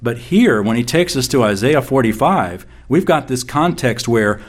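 A man preaching a sermon, reading scripture aloud with slow emphasis and repeating key phrases. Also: mid-range voice, expressive. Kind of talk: expository sermon.

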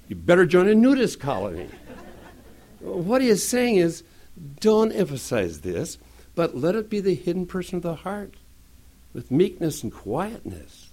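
Male preacher, middle-aged, animated sermon delivery, wide-ranging pitch, joking asides. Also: unhurried.

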